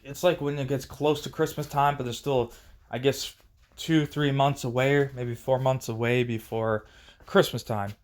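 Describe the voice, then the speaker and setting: A man telling a personal story casually on a vlog, rambling with many restarts and fillers. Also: mid-range voice. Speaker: storyteller vlogger.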